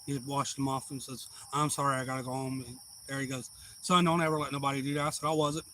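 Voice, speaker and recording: A man telling a long story casually on a live stream, acting out quoted voices loudly. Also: medium pitch, flat delivery, fast, a little hiss or hum, rough recording.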